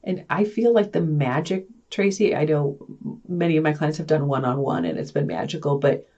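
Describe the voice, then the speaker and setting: A woman's voice: sits low, lively intonation, moderate pace, a little mellow. A woman hosts an interview and asks her questions in a loose, conversational way, sometimes searching for words. Her audio is dull and lo-fi, like a remote recording. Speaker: podcast host. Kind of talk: casual interview talk.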